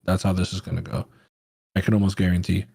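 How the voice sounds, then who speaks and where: Laid-back slangy man with a low, mellow voice. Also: flat delivery, fast talker, gravelly, husky, no echo. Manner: laid-back, slangy and profane, reads chat aloud. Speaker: livestream trading host. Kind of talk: casual livestream chat, answering viewer questions.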